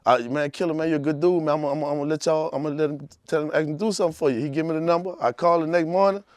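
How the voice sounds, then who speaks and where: A man's voice: fairly high pitch, steady tone, very fast, no echo, studio quality. Man telling a rambling story. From Louisiana. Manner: rambling, repeats "you hear me". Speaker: rapper guest. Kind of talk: casual storytelling interview.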